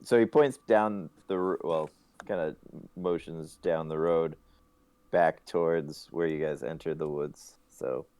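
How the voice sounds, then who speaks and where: A man running a tabletop game as game master, narrating in a halting, hesitant way over an online call. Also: rumbling low, darkish tone.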